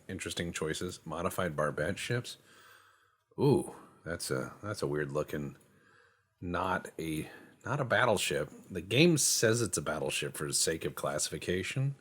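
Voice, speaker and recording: A man's voice: sits low, very animated, breathy edge. A man casually commentating his gameplay, joking, swearing and mocking himself as he goes. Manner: slips into quick silly voices for other countries. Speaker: gaming channel host. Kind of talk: casual let's-play commentary.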